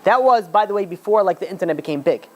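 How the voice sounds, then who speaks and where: A man, a rabbi, giving an informal class in a conversational way, with many fillers and restarts, sometimes rising into high, emphatic urging. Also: animated, fast talker. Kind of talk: informal Torah class lecture.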